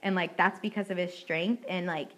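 A young woman speaks in a slightly low voice, giving a personal testimony to a youth gathering. She is earnest and heartfelt, and she talks casually with many "like"s and "um"s. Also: fairly even intonation, moderate pace, fairly bright tone, low-quality recording. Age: young adult. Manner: earnest, heartfelt, frequent "like" and "um" fillers. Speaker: student speaker at a youth ministry meeting.

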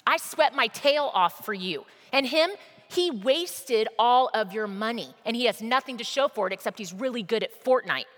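A woman's voice: a little high, expressive, normal speed, fairly bright tone, pitched above the performer's own voice. A woman voicing a bitter, resentful teenage older brother. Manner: indignant, listing grievances. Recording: long reverb of a large hall.

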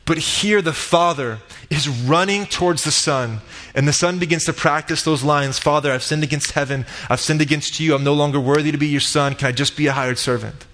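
A man delivering a sermon, retelling a parable with dramatic build-ups and loud quoted cries. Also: a little high, a little fast, hardly any pauses. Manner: dramatic retelling, rising to shouts in quoted lines. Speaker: pastor. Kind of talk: sermon storytelling. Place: church sanctuary.

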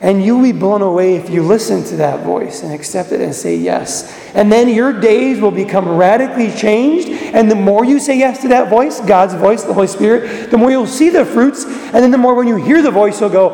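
A man preaching a sermon, urging his listeners on and then dropping to a hush. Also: sits high, normal speed, gravelly, few pauses. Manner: earnest, exhortative, with sudden drops to a hush. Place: church. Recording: echoey church with long reverb.

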